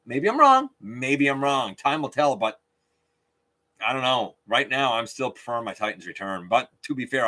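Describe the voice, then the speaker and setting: Animated, bright-voiced man chatting live. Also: medium pitch. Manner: chatty, reads viewer comments aloud, outspoken. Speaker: live stream host. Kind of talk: casual live-stream chat.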